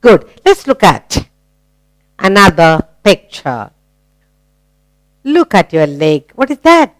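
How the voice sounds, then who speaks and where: Woman teaching little kids english, slow and singsongy, spells stuff out, clear smooth voice. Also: on the low side, sing-song. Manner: slow, sing-song, spelling words letter by letter; asks children questions, encouraging. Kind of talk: children's grammar lesson.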